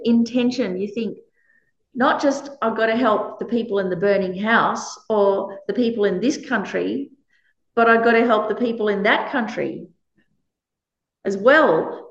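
A woman's voice: a little high, roomy sound, highs cut off. A woman giving an earnest, conversational Buddhist teaching, full of chatty asides. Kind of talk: conversational dharma talk.

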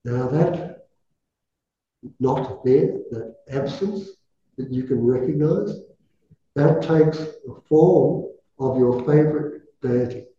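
A man guides a meditation in a deep, mellow, very dark voice, intoning mantra syllables in a slow, measured way. The sound is dull and lo-fi, with a heavy echo from a roomy space. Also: slight background noise. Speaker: meditation teacher. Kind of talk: guided visualization with mantra chanting. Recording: echoey, dull lo-fi room recording.

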